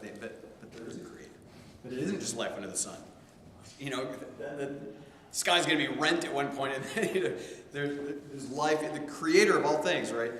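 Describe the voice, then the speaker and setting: A man's voice: mid-range voice, a bit bright. A man teaching a theology class, telling stories in a conversational way with many restarts. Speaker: theology instructor. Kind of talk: informal class discussion. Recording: echoey hall, faint room noise.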